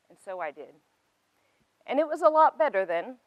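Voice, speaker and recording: A woman's voice: a little high, sing-song, moderate pace, long pauses, no room sound, muffled recording. A woman in her thirties shares a personal testimony from a stage. She speaks earnestly and with emphasis, rising to passionate peaks, and her voice sounds dry and close to the mic.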